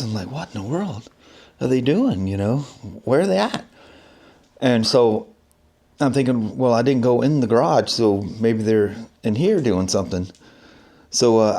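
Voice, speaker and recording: A man's voice: mid-range voice, darkish tone. A middle-aged man vlogging casually, telling a family story in a rambling way with lots of fillers and restarts.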